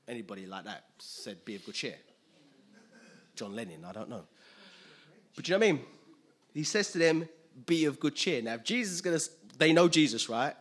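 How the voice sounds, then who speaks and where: A man preaching a sermon in an animated way, acting out scenes with sudden loud outbursts. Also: medium pitch.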